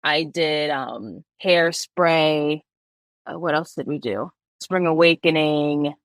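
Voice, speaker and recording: A woman's voice: low voice, takes it slowly, no room sound. A young woman with a Bronx New York accent, chatting as a podcast guest and laughing often. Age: young adult. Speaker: guest, Broadway performer. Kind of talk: casual interview chat.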